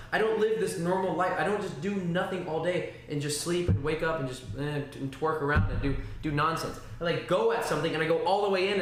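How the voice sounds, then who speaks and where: Male streamer, slightly high voice, rambling and animated with sound effects, very echoey room. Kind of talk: casual livestream talk. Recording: very echoey room, faint noise.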